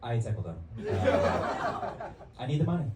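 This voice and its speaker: A man's voice: mid-range voice, unhurried. A man casually telling a story on a podcast, acting out the voices of the people in it and laughing often. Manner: animated, acts out quotes, laughs often. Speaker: podcast co-host. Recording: echoey room, distant mic, noisy.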